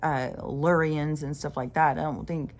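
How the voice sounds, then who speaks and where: A woman talking in a rambling, casual monologue, full of fillers and restarts and quick to swear. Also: low voice, steady tone. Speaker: spiritual vlogger.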